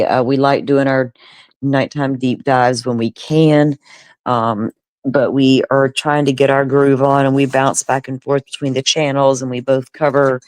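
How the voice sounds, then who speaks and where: A woman's voice: rumbling low, a little mellow, no room sound. A woman co-hosting a true crime livestream, chatting casually and rambling with many fillers.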